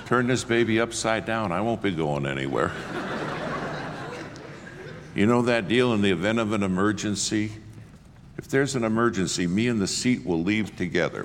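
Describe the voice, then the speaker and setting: A man's voice: lowish voice, expressive, moderate pace, background noise. A male preacher, telling self-mocking, punchy stories in a sermon. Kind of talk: humorous storytelling sermon. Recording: long hall reverb, faint ambience.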